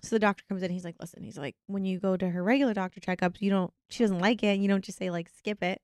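An animated woman in her thirties tells a story on a casual podcast, swearing freely and laughing as she goes. Her voice is mid-pitched and recorded close and dry. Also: fast, clear, resonant tone, no echo. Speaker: podcast co-host. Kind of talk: casual chat.

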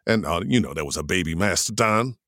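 An older man, a voice actor, answering interview questions in an animated storytelling way, acting out quotes as he goes. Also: deep voice, fast, no room sound, studio quality. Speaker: voice actor guest.

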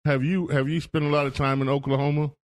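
A man's voice: a little high, little pitch movement, fast, dry recording. A man hosting a call-in radio talk show, with playful, upbeat announcer patter, on a studio microphone.

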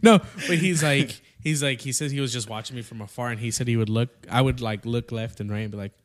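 A man in relaxed podcast conversation, speaking at a middling pitch. He sounds laid-back and grows animated as he retells a story. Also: quick pace. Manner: laid-back, animated when retelling, drops Spanish phrases. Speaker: podcast guest or co-host. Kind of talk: casual chat.

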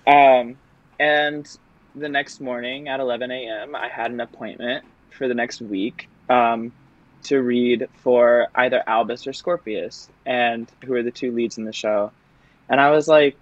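A man's voice: mid-range voice, fairly even intonation, normal speed, no echo, muffled recording. A young man, a stage actor, telling an audition story in a chatty, self-deprecating way, with many fillers and laughs. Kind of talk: casual interview storytelling.

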